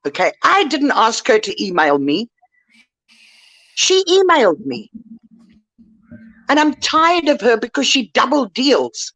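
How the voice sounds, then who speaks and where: Older woman host, slow and animated, scolding tone on an online call. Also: a little high. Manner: indignant, lecturing rant. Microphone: online call mic.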